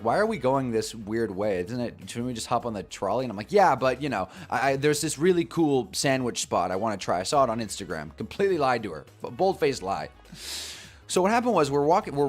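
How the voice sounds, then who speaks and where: A young man with a mid-range voice hosts a football talk livestream, telling a story in an animated, chatty style and laughing at his own jokes.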